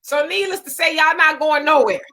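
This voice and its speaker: A woman's voice: high voice, brisk, pushed and bright. A woman hosting a casual interview, chatty and full of fillers as she asks questions. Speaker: host.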